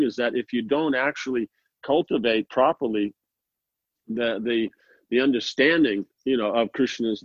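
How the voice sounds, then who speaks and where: A man gives an informal spiritual discourse, circling his points with restarts and fillers and mimicking others' remarks. The recording is dull and lo-fi, with no room echo at all. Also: medium pitch. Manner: rambling, many fillers and restarts, quotes others in mock voices. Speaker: sannyasi teacher. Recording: dry, muffled lo-fi sound.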